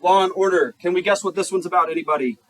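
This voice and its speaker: A male teacher lectures a classroom, joking and repeatedly quizzing the class. He talks fast in a high-pitched, fairly bright voice, and the audio quality is poor.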